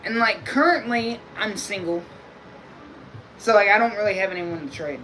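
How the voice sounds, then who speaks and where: A man's voice: high-pitched, moderate pace, pushed and bright, a little hiss or hum, poor audio. A man streaming live, talking to his audience in a loose, rambling, crude way. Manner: rambling, crude, laid-back. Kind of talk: casual live-stream chat.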